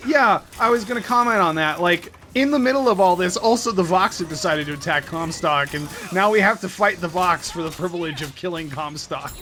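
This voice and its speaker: A man's voice: sits high, fairly quick, few pauses, sharp tone, a little hiss or hum. A man playing a game while chatting casually, easygoing. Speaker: podcast co-host playing the game. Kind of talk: casual chat over gameplay.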